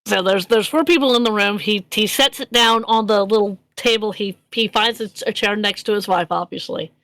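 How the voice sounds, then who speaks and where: A woman's voice: medium pitch, moderate pace, a bit bright, no room sound, rough recording. A woman narrating a tabletop game as game master, rambling with many fillers and restarts.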